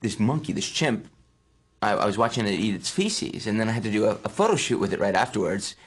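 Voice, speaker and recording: A man in his thirties from New Jersey, an actor answering interview questions with lively anecdotes he acts out. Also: quick pace, breathy edge. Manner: animated storyteller acting out quotes with sudden high yelps.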